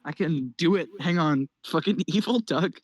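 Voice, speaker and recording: A young man co-hosting a podcast in casual chat, excitable and swearing freely. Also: fairly high pitch, no room sound, rough recording. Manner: excitable, swears a lot, quick laughing. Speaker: podcast co-host.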